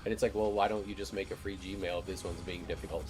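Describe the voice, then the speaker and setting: A man's voice: low-pitched, level tone, fast, hardly any pauses, a little mellow, soft background music. A young man streaming a game, telling a profane, ranting story in casual chat.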